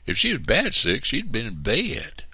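A man with a gravelly voice voicing a practical, impatient boy who talks gruffly to his sister. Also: mid-range voice, huge pitch swings, a little slow, sharp tone, no room sound, voice pushed up, exaggerated voice. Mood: reassuring.

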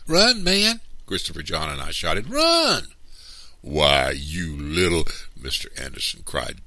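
Very deep-voiced man reading a story. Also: vocal fry, no room sound. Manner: lively, animated storytelling. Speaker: storybook reader. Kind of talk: expressive read-aloud narration.

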